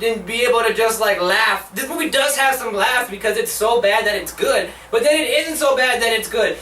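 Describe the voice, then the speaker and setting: A man's voice: very high-pitched, normal speed, hardly any pauses, bright, forceful tone, a little hiss or hum. A young man hosting his own show, giving a profane, rambling movie review full of "like" and exasperated outbursts. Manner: profane, rambling, heavy use of "like". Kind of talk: casual ranting movie review. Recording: roomy echo, mic at a distance.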